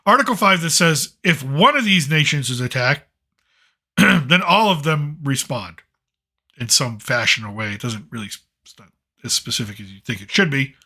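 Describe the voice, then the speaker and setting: A man's voice: medium pitch, expressive, moderate pace, pushed and bright. A man hosting a late-night commentary show, ranting in a blunt, sarcastic, rambling way with some profanity.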